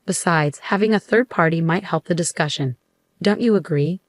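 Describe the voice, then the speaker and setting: Woman narrator reading as a calm protective husband, firm but polite, lowish voice, dry sound. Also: normal speed, no room sound, close to an everyday voice.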